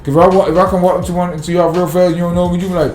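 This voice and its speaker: A man talks fast and bluntly, swearing freely, his pitch sitting a little high and his tone dark and mellow. The room echoes around him, with faint music underneath. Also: flat delivery. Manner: blunt, profane, fired-up. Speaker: city sanitation worker, guest. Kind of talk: casual podcast interview.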